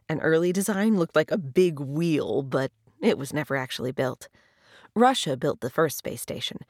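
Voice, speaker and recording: A woman reading children's books aloud in an expressive, sing-song storytelling manner. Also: lowish voice, dry recording, clean studio sound. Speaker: narrator. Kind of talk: children's book read-aloud.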